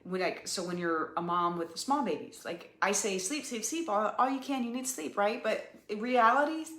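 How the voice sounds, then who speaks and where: Woman, podcast host, casual coaching talk, filler-heavy, roomy echo. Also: mid-range voice. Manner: chatty, repetitive, many ums and "you guys".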